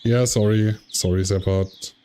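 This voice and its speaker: A man's voice: lowish voice, fairly even intonation, a little slow, warm tone, smooth. A man streaming a game, chatting casually and poking fun at his own failures. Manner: chatty, self-deprecating.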